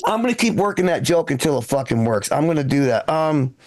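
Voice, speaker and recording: A man's voice: a little high, big pitch swings, fairly quick, a little mellow. An older man performing a stand-up set, self-deprecating and rambling, often restarting his sentences. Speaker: stand-up comedian.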